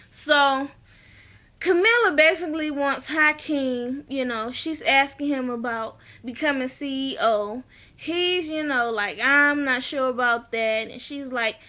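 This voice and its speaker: Sassy high-voiced woman recapping a show. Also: sharp tone. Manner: sassy, blunt, laughs at her own jabs. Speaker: TV episode reviewer. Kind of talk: casual recap vlog.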